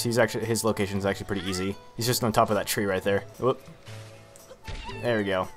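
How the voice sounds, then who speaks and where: A man's voice: on the low side, steady tone, brisk, faint music behind. A young man giving casual, rambling, self-mocking let's play commentary. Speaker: gamer.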